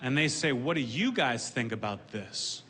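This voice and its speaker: On a comedy stage, a man delivers a deadpan stand-up set, landing dark punchlines dryly as the audience laughs behind him. His voice is mid-range and his pace moderate.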